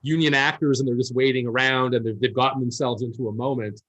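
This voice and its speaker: A man interviewing a film director, engaged and quick with affirmations and follow-up questions. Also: mid-range voice, steady tone, a bit bright. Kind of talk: casual interview.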